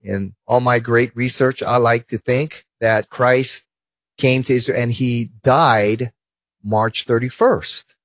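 A man giving a lively Christian apologetics talk, full of stories and rhetorical questions. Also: mid-range voice, takes it slowly, dry recording. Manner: animated, storytelling, rhetorical questions.

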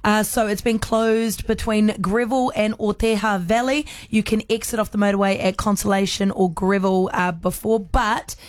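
A woman co-hosting breakfast radio, giving a traffic update and chatting briskly into a studio mic. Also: medium pitch, fairly even intonation, no echo. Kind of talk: traffic update and casual banter. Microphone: studio microphone.

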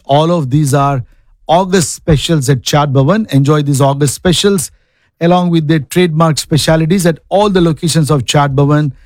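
A man's voice: on the high side, darkish tone, no room sound. A man hosting a radio call-in show from a studio, upbeat and reading ads between callers. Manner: upbeat, repeats the call-in number.

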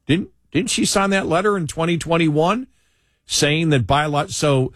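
A man's voice: fairly high pitch, a little slow, fairly bright tone, dry recording, studio quality. A man co-hosting a talk show, talking in an emphatic, opinionated way and repeating himself for effect. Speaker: co-host.

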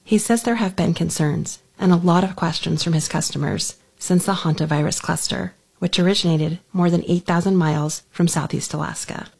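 Gravelly low-voiced woman reporting news. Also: moderate pace, hardly any pauses. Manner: even, scripted delivery. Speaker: radio reporter. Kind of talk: scripted news narration.

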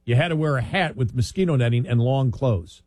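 A man's voice: medium pitch, fairly quick, darkish tone, no room sound. A man hosting a casual chat, telling long, rambling stories and laughing often.

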